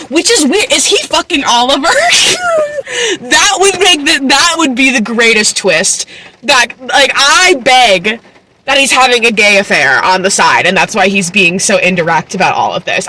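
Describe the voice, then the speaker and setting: A woman's voice: on the high side, pushed and bright. A woman in her twenties recapping a book casually, chatty and incredulous, full of fillers and swearing. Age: 20s. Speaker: book vlogger.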